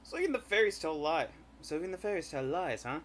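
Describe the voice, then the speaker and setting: A man's voice: fairly high pitch, sing-song, quick pace, fairly bright tone, slight background noise, voice pushed up. A man voicing an earnest, hesitant young boy hero in game dialogue, in a plain reading voice. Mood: doubtful.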